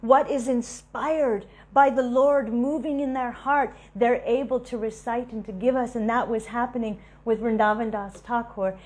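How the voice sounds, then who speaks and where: A woman giving a devotional talk, telling lively stories and laughing between them. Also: a little high, normal speed, hardly any pauses. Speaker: devotional speaker.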